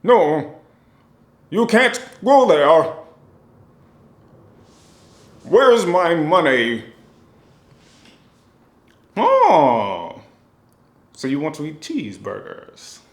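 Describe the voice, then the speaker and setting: A man voicing an over-the-top, badly dubbed martial-arts movie tough guy with a shrill, exaggerated sing-song delivery. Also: huge pitch swings, slow, long pauses, fairly bright tone, exaggerated voice. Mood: mock-menacing. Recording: roomy echo.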